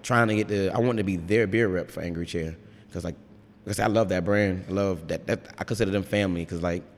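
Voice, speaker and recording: A man's voice: sits low, fairly even intonation, a little fast, long reverb tail, slight background noise. A man brewer chatting casually in an interview, rambling and frank, swearing freely.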